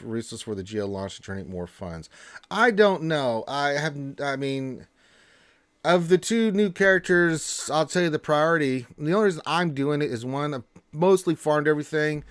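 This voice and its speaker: Male stream host, casual and rambling, mid pitch, recorded dry and close. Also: no room sound. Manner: loose and chatty, many fillers and restarts, jumpy pitch. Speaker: livestream host. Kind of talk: casual livestream chat reading viewer questions.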